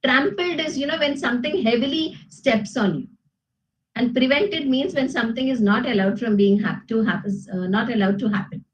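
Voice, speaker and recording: High-voiced woman teaching grammar. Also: moderate pace, low-quality recording. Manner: explains patiently, many "you know" fillers, checks with "okay?". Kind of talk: classroom lesson with student responses. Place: classroom.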